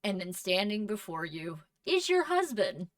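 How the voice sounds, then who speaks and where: Slow, measured woman narrating a game. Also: mid-range voice, big pitch swings, no echo, distant mic. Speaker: game master. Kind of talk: narrating a tabletop role-play.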